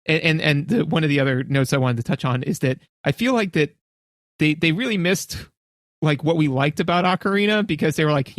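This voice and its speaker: Podcast dude rambling, kinda high voice, dry mic. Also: male voice, a little fast, no echo. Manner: rambling, emphatic, many restarts and asides. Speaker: podcast co-host. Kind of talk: casual podcast chat.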